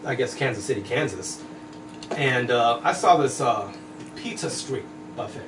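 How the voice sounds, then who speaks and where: A man's voice: mid-range voice, moderate pace, far from the mic. A man from California chatting casually as a guest, telling a story with lots of fillers. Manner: animated storyteller, many fillers, laughs easily. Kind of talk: casual chat. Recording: roomy, off-mic with background noise.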